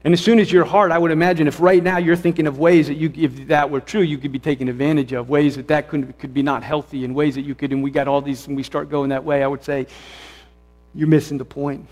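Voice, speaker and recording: Male pastor, higher-pitched voice, casual sermon style with fervent peaks, long church reverb. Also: flat delivery, fast talker, darkish tone. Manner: conversational, self-correcting, builds to fervent emphasis. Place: church sanctuary.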